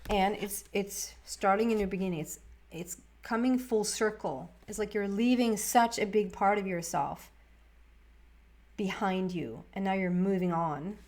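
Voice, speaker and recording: A woman's voice: mid-range voice, measured pace, darkish tone. A woman giving a casual, rambling tarot reading to camera, often restarting her words. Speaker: tarot reader.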